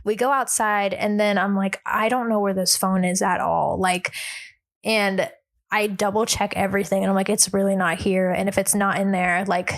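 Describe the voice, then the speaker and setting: A young woman co-hosting a podcast, telling a story in a casual, animated way, filling it with likes and ums and acting out what people said. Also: mid-range voice, moderate pace. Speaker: podcast co-host.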